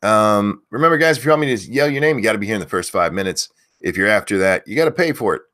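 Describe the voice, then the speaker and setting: A man hosting a casual live stream, loudly calling out viewers' names and talking frankly with mild swearing. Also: lowish voice, expressive, fast talker. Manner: loudly calls out viewer names, then drops back to easy talk. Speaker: host of a live stream show.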